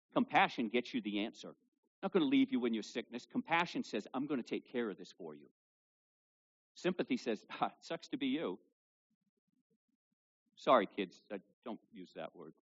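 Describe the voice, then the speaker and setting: A male pastor preaching a sermon to a congregation with kids present, reading scripture loudly and dropping low for asides. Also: lo-fi sound. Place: church service with children present.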